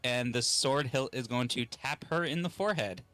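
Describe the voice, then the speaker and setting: Bright-voiced laughing male player. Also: mid-range voice, normal speed, dry recording. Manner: laughs a lot, self-mocking. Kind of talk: casual tabletop play.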